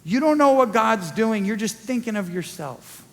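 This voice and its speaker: Guy pastor preaching, high-ish voice, casual storytelling, big church echo. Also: animated. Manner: conversational, acts out quick quoted asides. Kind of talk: sermon. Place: church sanctuary. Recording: long church hall reverb.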